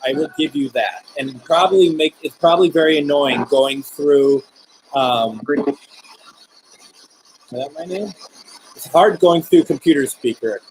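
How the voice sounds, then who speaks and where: A man hosting a live spirit box stream, talking gently with viewers and politely calling on spirits. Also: fairly high pitch, measured pace, pauses often, a little hiss or hum, poor audio.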